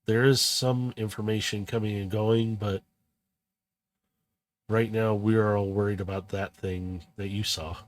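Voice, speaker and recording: A man's voice: fairly low pitch, little pitch movement, unhurried, lightly acted. A man voicing an earnest, kind young woman in a tabletop role-play game, rambling and eager to help.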